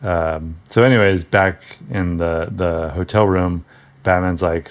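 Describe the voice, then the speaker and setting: A man with a deep, low-pitched voice talks through an old comic book in a loose, offhand way. He jokes and chuckles as he goes, stopping often on ums and correcting himself mid-sentence. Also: steady tone, a little slow. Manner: rambling, joking, chuckles often; hesitant, frequent ums and self-corrections. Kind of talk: casual comic book commentary.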